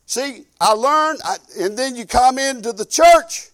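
A high-voiced man preaching from the pulpit. He talks in a folksy, homespun way. He moves from loud, pressing exhortation to low, quiet asides. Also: expressive, measured pace. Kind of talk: sermon.

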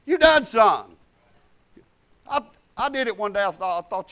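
High-voiced preacher. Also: male voice, expressive, normal speed. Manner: folksy, rising to loud emphatic preaching. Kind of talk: informal preaching with storytelling.

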